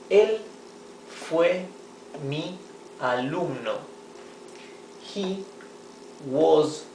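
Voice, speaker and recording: A man teaching a language lesson at a whiteboard, explaining patiently, checking in with "okay?" and "right?", and repeating words slowly. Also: mid-range voice, creaky, a bit bright, reverberant, slight background noise, rough recording. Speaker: Spanish teacher.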